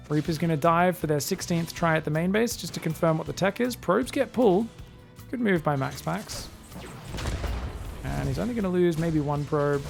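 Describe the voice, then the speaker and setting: A man casting a strategy game on his own, talking casually through each move and breaking into loud excited bursts. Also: a little high, creaky. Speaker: esports caster. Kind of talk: solo play-by-play game commentary.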